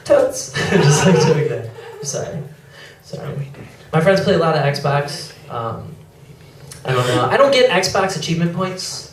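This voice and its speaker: A young male stand-up comic with a fairly high, animated voice performs a set on a comedy club stage. He's self-deprecating, slipping in apologetic asides and quickly mimicking other people. The roomy, echoey club is picked up by a distant mic, with slight background noise and the audience laughing.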